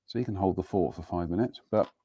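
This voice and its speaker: A man's voice: low-pitched, fast talker, warm tone, slightly rough, no room sound. Chatty man at his workbench. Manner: chatty, rambling, self-deprecating. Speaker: host of a live model-building broadcast. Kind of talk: casual live demonstration and chat. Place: home workbench.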